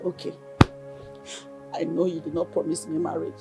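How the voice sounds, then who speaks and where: A woman's voice: low voice, little pitch movement, normal speed, vocal fry, lo-fi sound, music in the background. An actress playing a desperate, scheming village woman, pleading intensely in a film drama. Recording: echoey room with film score.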